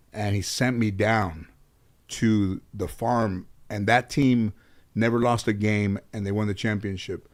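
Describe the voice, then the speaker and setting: Animated man telling stories from his childhood. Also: fairly low pitch. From Los Angeles area. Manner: animated storyteller, acts out voices of relatives, swears freely. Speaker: interview guest, comedian. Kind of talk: casual storytelling interview.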